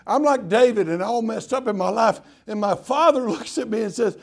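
Gravelly, husky man preaching a sermon. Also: high voice, moderate pace. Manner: animated preaching, swinging from loud calls to hushed tones; repeats and restarts words in bursts. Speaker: pastor.

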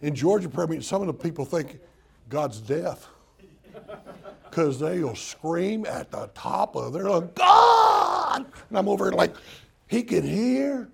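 A man's voice: on the high side, sing-song, measured pace, gravelly, darkish tone. An older man preaching a folksy sermon, joking with the congregation and acting out prayers in mock-crying voices. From Southern US. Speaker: pastor.

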